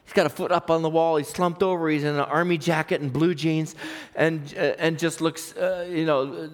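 A man preaching a sermon, swinging between emphatic, raised exhortation and quiet personal storytelling. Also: on the high side, fairly even intonation, normal speed. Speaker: pastor.

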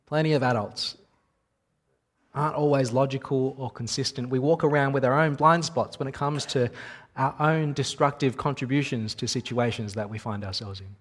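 A man's voice: medium pitch, fairly even intonation, normal speed. A man in his thirties preaching a sermon in a conversational, wry storytelling manner.

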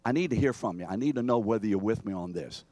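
A man's voice: fairly low pitch, lively intonation, fast, darkish tone, no echo. An older man preaching an interactive sermon, teaching from scripture and pressing his congregation with questions and calls for answers.

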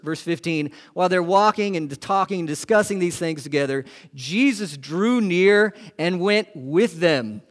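A man preaching a sermon as a pastor, asking the congregation questions and moving between loud emphasis and hushed, quiet lines. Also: high voice.

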